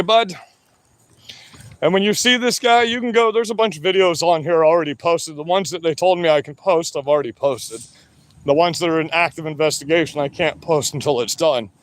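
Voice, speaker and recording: A man with a fairly high-pitched voice rants at his viewers on a livestream. He sounds combative and taunting, and he swears freely. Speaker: livestream host. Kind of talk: ranting livestream talk to viewers.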